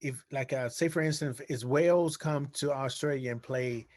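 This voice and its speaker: A man telling an anecdote in casual chat, rambling and often pausing on fillers. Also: mid-range voice, a little mellow. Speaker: guest.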